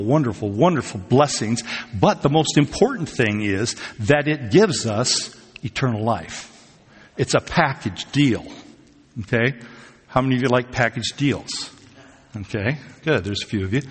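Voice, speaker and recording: Husky preacher in a reverberant hall. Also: male voice, mid-range voice, a bit bright. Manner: conversational, asks the congregation questions. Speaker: pastor. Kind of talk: sermon.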